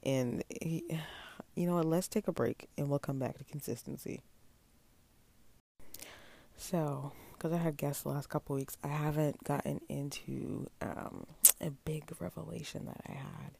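A man's voice: on the high side, fairly even intonation, a little slow, vocal fry, dark tone. A man hosting his own podcast, talking casually and at length to his listeners, often restarting his sentences and addressing them as y'all. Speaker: podcast host. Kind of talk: casual solo podcast monologue.

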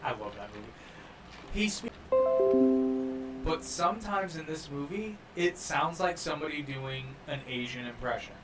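A man co-hosting a podcast, chatting and joking in an animated way about a film. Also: fairly high pitch, moderate pace, long pauses, loud music behind the voice. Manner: animated, joking, lots of restarts. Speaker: podcast co-host. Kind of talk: casual chat and film review. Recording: distant mic, faint room noise.

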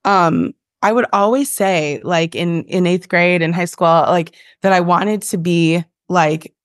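The recording is dry and studio-clean, featuring a woman in her thirties whose fairly low voice moves slowly as she guests on a casual podcast. She speaks earnestly, strays into tangents, uses "um" and "like" constantly, and becomes emotional for a short stretch.

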